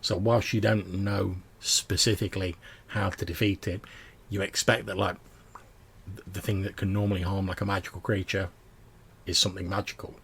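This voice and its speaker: A man's voice: low-pitched, flat delivery, moderate pace, creaky, fairly bright tone, breathy edge. A man narrating a tabletop game as game master, with a loose manner full of "like"s. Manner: loose, filler-heavy narration with many "like"s.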